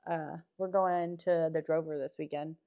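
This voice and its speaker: A woman in her thirties in casual podcast chat, lively, quick to chime in and laugh. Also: sits low, highs cut off. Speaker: podcast co-host, married to a host.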